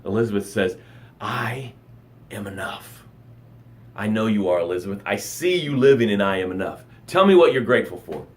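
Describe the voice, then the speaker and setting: Speaking to his camera for a live broadcast, a middle-aged life coach gives a dramatic, animated motivational talk complete with acted-out sounds and gasps. His voice is fairly low and normally paced.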